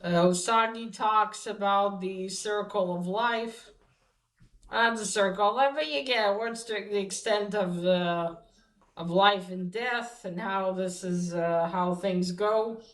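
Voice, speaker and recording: A woman recaps a story at an unhurried pace, stopping often to search for words with many fillers. Her medium voice carries a noticeable room echo. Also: mid-range voice, fairly even intonation. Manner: hesitant, many fillers and restarts. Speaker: podcast host recapping a comic. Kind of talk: casual spoken recap. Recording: echoey room.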